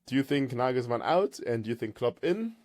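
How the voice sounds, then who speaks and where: A man co-hosts a podcast in a casual chat, rambling with plenty of fillers and swearing. His mid-range voice has a darkish tone, very animated and a little fast. The studio-quality recording has no room sound.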